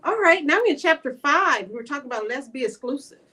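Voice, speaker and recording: A woman hosting an interview, asking gentle, probing questions and affirming her guest. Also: sits high, animated, fast, recorded from a distance. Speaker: interviewer host. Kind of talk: conversational interview.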